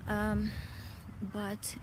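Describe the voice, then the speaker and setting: A woman vlogging a reflective personal monologue, emotional and halting, often restarting as she searches for words. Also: medium pitch, completely flat delivery. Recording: loud background noise.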